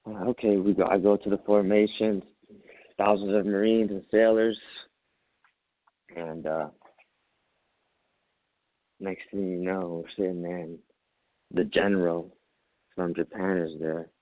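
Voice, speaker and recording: A man, a Marine veteran, telling a story as an interview guest, animated, acting out his own quotes and laughing often. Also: low voice, a little slow, long pauses, no room sound, narrow, tinny audio. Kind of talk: casual storytelling.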